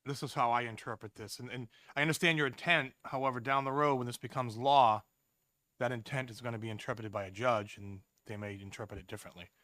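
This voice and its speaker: Forceful man raising a legal concern. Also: mid-range voice, fairly even intonation, fast talker, no room sound, clean studio sound. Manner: direct, methodical questioning. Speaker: committee member. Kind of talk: legislative committee discussion. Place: state house committee room.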